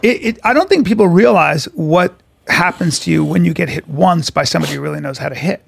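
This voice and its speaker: A man with a heavily gravelly, husky voice, pitched a little high, co-hosting a podcast. He talks bluntly and knowingly in casual chat. A studio mic picks him up closely. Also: expressive, fairly quick.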